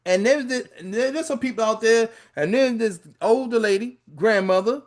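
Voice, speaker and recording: A man who tells stories in an animated way and agrees readily, talking as a podcast co-host. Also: very high-pitched, normal speed. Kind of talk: casual podcast talk.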